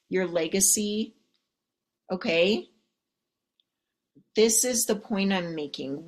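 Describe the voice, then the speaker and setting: Sassy lady coach hyping up her viewers, swears a lot, talks nice and slow. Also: mid-range voice. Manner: sassy, teasing, profane, keeps asking "okay?". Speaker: love and life coach. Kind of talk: live-streamed pep talk to viewers.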